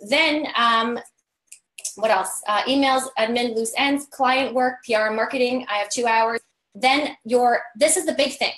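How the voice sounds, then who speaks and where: A woman's voice: a little high, a little slow, a bit bright, roomy sound. A woman coaching business owners in a chatty live tutorial, full of "like" and "right?", while losing her voice. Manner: chatty, filler-heavy, keeps asking "right?". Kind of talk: live-streamed scheduling tutorial.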